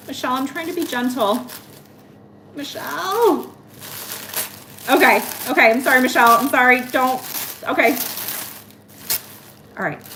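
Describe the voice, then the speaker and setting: A woman in her thirties hosting a casual live-stream haul, chatty and excitable as she talks to viewers by name. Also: a little high, slight background noise. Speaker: host. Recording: echoey room.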